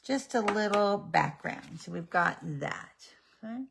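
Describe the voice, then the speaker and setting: Slow, gravelly woman demonstrating crafts. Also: mid-range voice, expressive, noisy background. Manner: slow, chatty, talks to her pet between steps. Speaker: stamping demonstrator.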